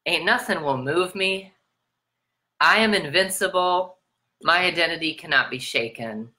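Speaking unhurriedly with a bright, forceful, expressive voice, a woman from the United States preaches self-love as a spiritual coach. Rhetorical questions come again and again, laced with swearing and big pitch swings.

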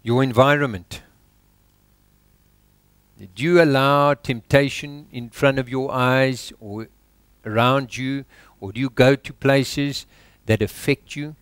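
A South African pastor preaching a sermon in church, exhorting with rhetorical questions and dropping his voice low for emphasis. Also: fairly even intonation, slow pace, pauses often, fairly bright tone, clean tone, no room sound.

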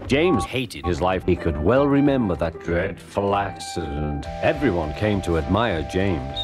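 A man narrating a children's storybook in an even, gentle storytelling manner. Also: low-pitched, measured pace. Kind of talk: children's storybook narration, chopped into a parody edit. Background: background music.

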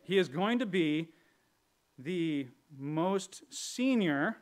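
A man preaching a sermon in a relaxed, conversational way, with a voice pitched a bit above the usual male range. He jokes with the congregation and sometimes drops into playful character voices. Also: extremely slow. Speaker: pastor.

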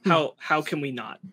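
A man with a somewhat high voice chatting on a casual podcast. He moves the conversation along, relaxed and quick to laugh. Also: slight background noise. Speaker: podcast co-host. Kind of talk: casual chat.

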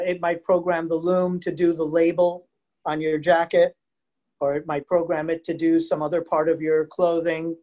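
A man presenting a live virtual lecture for a museum program, chatty and animated, asking his audience questions and telling stories, heard through a computer mic on a video call. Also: on the high side.

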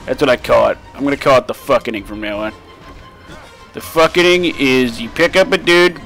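A young man casually commenting on his gameplay as a let's play host, excitable and profane and often laughing, recorded on a desk microphone. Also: medium pitch, a little fast, soft background music.

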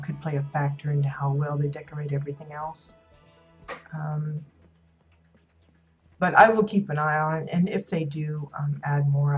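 A woman's voice: deep voice, dull audio. A woman hosting a casual video tour of player-built homes in a game, talking loosely with lots of ums and restarts. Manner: rambling, many ums and restarts. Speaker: host touring player houses in a game.

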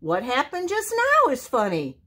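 A woman's voice: on the high side, huge pitch swings, moderate pace, sharp tone, breathy edge, pitched above the performer's own voice, full character voice. A woman voicing a small, cheerful young male possum in a storybook reading. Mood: eager. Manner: eager, gleeful.

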